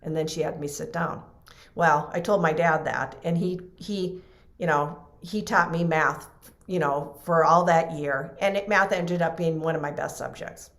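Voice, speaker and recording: A woman guest telling a personal story in conversation, animated and full of fillers. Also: deep voice, unhurried, reverberant. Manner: animated, acts out quoted voices, many fillers. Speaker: interview guest.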